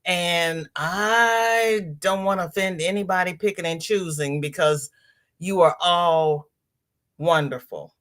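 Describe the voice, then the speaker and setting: Reading through her chat, a sixty-something woman welcomes viewers by name during a relaxed crochet livestream. She speaks warmly in a voice that sits low.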